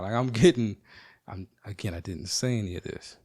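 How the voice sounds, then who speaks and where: A man hosting a podcast at home, telling a rambling, animated, profane story in casual talk. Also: on the low side, a little fast. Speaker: podcast host.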